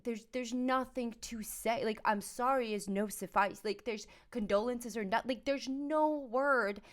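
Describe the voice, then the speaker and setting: A woman hosting a podcast conversation, searching for words in a halting, empathetic way. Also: fairly high pitch. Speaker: podcast host. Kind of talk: conversational interview.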